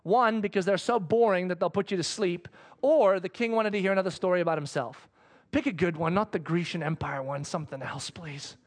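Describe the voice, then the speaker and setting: A man preaching a sermon, reading scripture and retelling it in an animated, humorous storytelling manner. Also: high-pitched, fast.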